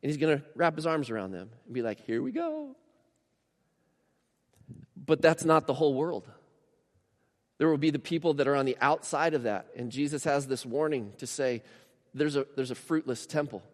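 A man's voice: medium pitch, brisk. Man preaching in a reverberant church. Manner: conversational preaching, emphatic rises, asks the congregation questions. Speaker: pastor. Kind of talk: sermon.

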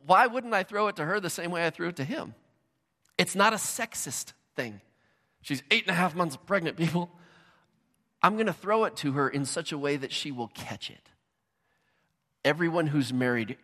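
A man with a high, bright voice preaching a sermon in a large church hall. He tells stories animatedly and acts out little bits of dialogue. His voice rings with long reverb from the hall. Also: animated, normal speed. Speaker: pastor.

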